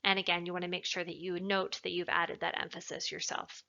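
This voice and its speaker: A woman talks through a writing lesson in a crisp, bright voice, stressing the words that matter. The recording is a little dull and lo-fi. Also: lowish voice, flat delivery, a little fast. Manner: clear, explanatory, leans on stressed words. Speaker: writing tutor. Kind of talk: recorded lecture narration.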